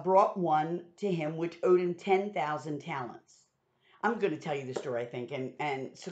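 A woman giving a conversational Bible teaching, retelling scripture in everyday modern words. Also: low voice. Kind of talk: sermon teaching. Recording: dull lo-fi sound.

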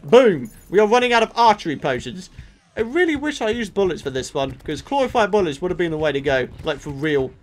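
High-voiced guy griping through a game playthrough, voice jumping all over, game music faint behind. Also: sing-song, brisk. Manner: exasperated, exclamatory, swings between mutters and outbursts. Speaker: gaming YouTuber. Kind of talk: Let's Play commentary.

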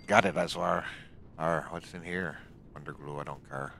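A gaming channel host with a very deep, steady voice and vocal fry talks at normal speed over a noisy background. He gives casual commentary while playing, grumbling and growling a pirate-style "arr" between remarks.

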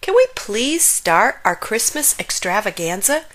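A woman voicing an excitable little male frog in a storybook read-aloud, asking eager, squealing questions. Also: mid-range voice, a little slow.

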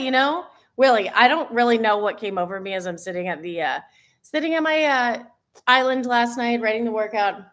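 A woman's voice: on the high side, fairly bright tone. A woman hosting a casual live stream, teary and gushing, exclaiming and laughing as she chats with viewers. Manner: gushing, exclaims often, laughs between lines. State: teary, emotional. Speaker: fitness live-stream host.

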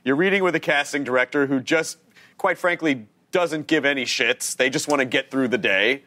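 A man hosting a TV talk show, reading viewer questions and teasing his guest with fast jokes. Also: mid-range voice, sharp tone. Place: TV studio with audience.

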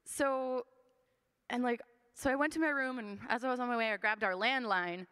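Quick and on the high side, this young church member's voice sounds pushed and bright yet clean as she shares her testimony. Her delivery is sincere and chatty, full of filler words, with long hall reverb filling the sanctuary.

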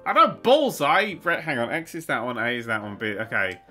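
A man's voice: medium pitch, wildly swooping pitch, fairly quick, sharp tone, faint music behind. A man playing a video game, sarcastic and sweary, mocking the game and humming its tunes. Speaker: gaming YouTuber. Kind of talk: swearing, sarcastic let's play commentary.

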